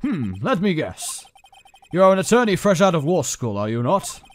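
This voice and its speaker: A man voicing an arrogant, wordy male CEO villain in a British accent while playing a game, loud and haughty. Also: fairly high pitch, very animated, moderate pace, a little hiss or hum. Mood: condescending. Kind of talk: game playthrough voice acting.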